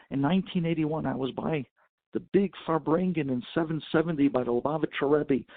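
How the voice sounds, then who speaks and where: A man's voice: medium pitch, gravelly, husky, no room sound, narrow, tinny audio. A man, a rabbi, telling a story in an impassioned sermon and mixing in Hebrew and Yiddish terms, heard over a phone conference line.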